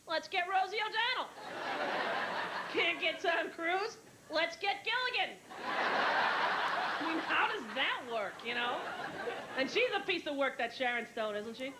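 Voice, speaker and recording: A woman in her thirties performing a brash, fast-moving stand-up comedy set, acting out other people's lines, with an audience laughing. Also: sits high. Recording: old VHS tape with hiss.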